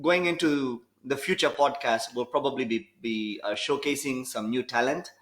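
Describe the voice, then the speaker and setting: A man co-hosting a casual podcast livestream, switching between English and Swahili and reading out viewer comments in a relaxed way. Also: medium pitch, normal speed. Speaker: podcast co-host and DJ. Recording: echoey room.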